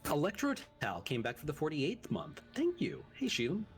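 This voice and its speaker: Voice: mid-range voice, huge pitch swings, moderate pace, creaky, faint music behind. A stream co-host in casual chat, reading subscriber thanks and stumbling over names.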